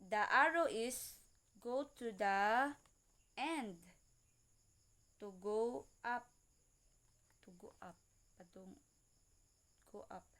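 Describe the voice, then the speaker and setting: Slow, careful woman teaching. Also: a little high, animated, fairly bright tone. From Philippines. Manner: slow and careful, repeating example words. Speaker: student presenter. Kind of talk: slow classroom-style lesson reading.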